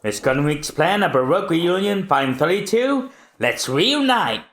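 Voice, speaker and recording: A podcast co-host reading a manga aloud, narrating the panels between lines in an unhurried way. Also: mid-range voice, very animated, fairly bright tone.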